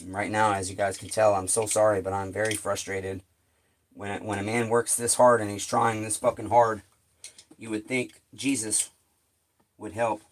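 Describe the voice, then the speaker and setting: A man's voice: fairly low pitch, flat delivery, moderate pace, a little hiss or hum. A man streaming live from his workshop, cursing in frustration and talking to his viewers while he works. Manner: exasperated, heavy swearing; talks to viewers while working. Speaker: chainsaw repair streamer. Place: home workshop shed.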